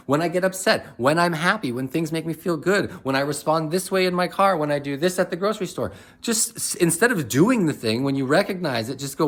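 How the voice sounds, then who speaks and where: A man speaking in a reflective, rambling monologue, asking many questions and laughing softly now and then. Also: on the high side, lively intonation, brisk. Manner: rambling, questioning, with frequent restarts and soft laughs. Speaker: motivational speaker.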